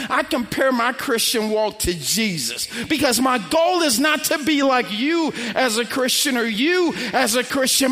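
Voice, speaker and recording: High, lively-voiced man preaching. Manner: emphatic, swinging from loud to hushed. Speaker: pastor. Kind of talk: sermon. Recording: long hall reverb.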